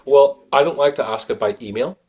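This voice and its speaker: A man being interviewed on a podcast as a sales coach. He talks in an animated way and laughs often. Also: medium pitch, fairly quick, breathy edge.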